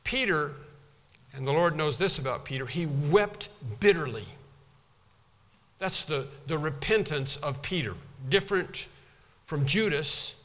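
A man preaching an expository sermon, earnest and halting, often repeating words for emphasis. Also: fairly high pitch, expressive, fairly bright tone, big-room sound.

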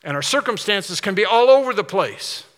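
A man preaching a sermon, telling a story in an animated way and then closing earnestly toward prayer. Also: high-pitched, normal speed, big-room sound. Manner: animated storytelling, shifts to soft earnest close.

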